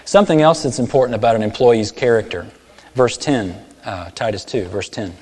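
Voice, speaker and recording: A man preaching a sermon, telling stories and acting out characters with sudden loud, high outbursts. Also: brisk. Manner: storytelling, acts out voices with big swings in pitch and volume. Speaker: pastor. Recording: long hall reverb.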